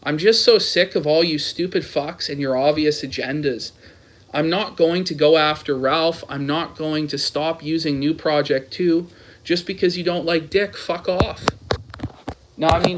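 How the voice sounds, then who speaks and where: A man's voice: on the high side, normal speed. A man on his stream, ranting and mocking posts that he reads aloud, swearing heavily. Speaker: streamer host. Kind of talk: angry commentary reading posts aloud.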